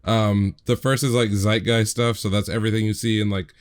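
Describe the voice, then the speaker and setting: A man's voice: lowish voice, little pitch movement, a little fast. A man co-hosting a podcast, explaining at length in casual chat with lots of fillers. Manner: rambling, filler-heavy explaining. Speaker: podcast co-host.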